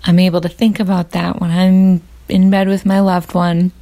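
Mellow, low-voiced woman host. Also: level tone, moderate pace. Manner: earnest and heartfelt, speaking directly to a performer. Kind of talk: live show address.

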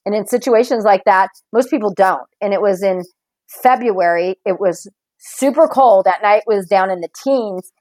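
A woman in casual conversation, an animated storyteller who laughs often. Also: medium pitch, moderate pace, no room sound, rough recording.

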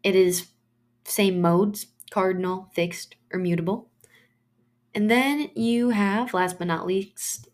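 A woman hosting her own podcast, explaining astrology in a chatty monologue and telling personal stories in loose, trailing phrases. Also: medium pitch.

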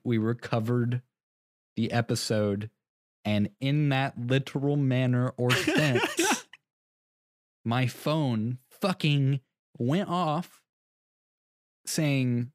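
A man's voice: medium pitch, big pitch swings, takes it slowly, dry recording, studio quality. A young man co-hosting a podcast in casual chat, rambling through a story, laughing at himself often. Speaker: podcast co-host.

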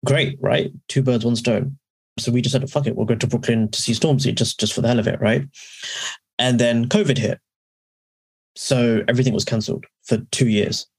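A man's voice: mid-range voice, fairly even intonation, moderate pace, breathy edge. A man co-hosting a podcast, telling long rambling stories in casual chat and often correcting himself. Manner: rambling, anecdotal, with self-corrections. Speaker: podcast co-host.

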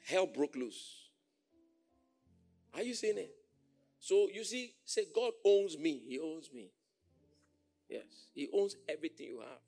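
A man preaching a sermon as pastor, animated, often shouting and laughing as he mimics others. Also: fairly high pitch, measured pace, long pauses, faint music behind.

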